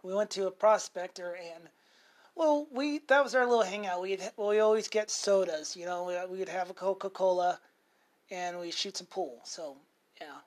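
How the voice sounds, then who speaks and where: Speaking at a moderate pace in a high-sitting voice, a forties-aged show host delivers an off-the-cuff monologue. He wanders, curses without restraint, and keeps correcting himself, his speech thick with fillers.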